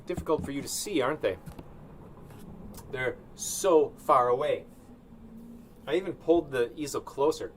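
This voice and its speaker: A man chatting casually while he paints live. He rambles offhand and thinks out loud in a room indoors. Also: on the high side, moderate pace, pauses often, a little hiss or hum. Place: indoor studio room with a sunny window.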